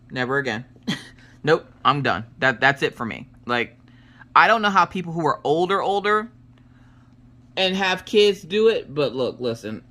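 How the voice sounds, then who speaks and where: A woman in her thirties chatting casually while she works on a craft project, telling family stories in an animated way. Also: sits low. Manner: animated storyteller, acts out family quotes. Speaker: crafting vlogger. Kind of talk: casual chat while diamond painting.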